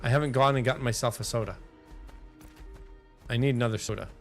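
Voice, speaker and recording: A man's voice: medium pitch, fast talker, gravelly, soft background music. A man streaming a game, chatting casually and thinking aloud as he plays, rambling between talking to himself and to his chat.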